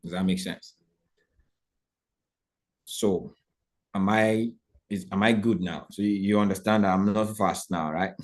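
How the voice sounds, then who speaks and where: A man teaching a live trading lesson to viewers. He talks in an animated, preacher-like way, asks rhetorical questions and keeps checking in with his audience. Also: on the low side, unhurried, pauses often.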